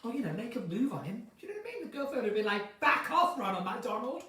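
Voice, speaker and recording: A woman's voice: fairly high pitch, wildly swooping pitch, very fast, a little mellow, distant mic, a little hiss or hum. A woman with a West Midlands accent hosting a casual live chat, chatty and self-mocking. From Dudley, England. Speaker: live-stream host. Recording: echoey room, voice off-mic.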